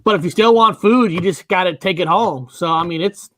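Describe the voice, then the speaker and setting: Hesitant high-voiced American host. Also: male voice, brisk, fairly bright tone, slight background noise. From United States, Washington state. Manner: loose, hesitant with many ums and uhs. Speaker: online show host. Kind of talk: casual video call interview.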